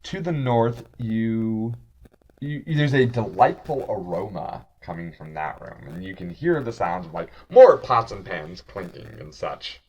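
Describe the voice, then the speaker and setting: A man's voice: on the low side, very animated, measured pace, darkish tone, breathy edge. A man narrating a tabletop game as game master, casual and rambling, with many restarts.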